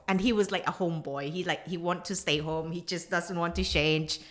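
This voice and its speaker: A woman's voice: on the low side, a little fast. A woman guest on a casual podcast, talking in chatty, non-native English and laughing often. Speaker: guest, silversmith.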